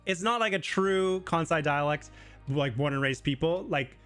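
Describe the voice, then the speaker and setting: A man's voice: fairly high pitch, moderate pace, a bit bright, faint music behind. A man hosting a casual live Q&A stream, explaining Japanese in a chatty way full of filler words. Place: living in Japan.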